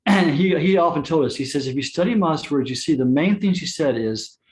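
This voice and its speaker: Man, spiritual teacher, satsang talk, anecdotal, restarts, soft laughs. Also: a little high, animated, normal speed. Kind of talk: satsang talk with personal stories.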